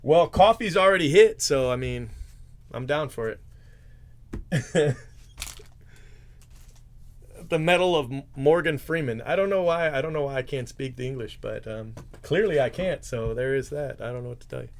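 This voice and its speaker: A man's voice: medium pitch, moderate pace, pauses often. A man hosting a live card break, chatting casually, joking and tripping over his words as he reads out player names. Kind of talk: casual live-stream chat.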